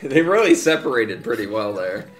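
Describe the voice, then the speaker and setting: A man's voice: mid-range voice, very animated, moderate pace, faint music behind. A man casually co-hosting a video game let's play, joking and laughing often and putting on silly voices for the characters. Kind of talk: casual gaming commentary.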